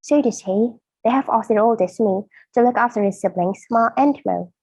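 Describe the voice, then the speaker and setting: A woman's voice: fairly high pitch, moderate pace, darkish tone, breathy edge, dry recording, low-quality recording. A woman from Indonesia, a native Indonesian speaker, reading a children's story aloud carefully in English. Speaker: author reading her story.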